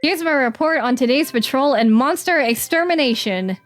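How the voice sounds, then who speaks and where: A woman streaming a game, chatting casually and reading the dialogue aloud in quick playful voices. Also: high-pitched, animated, faint music behind.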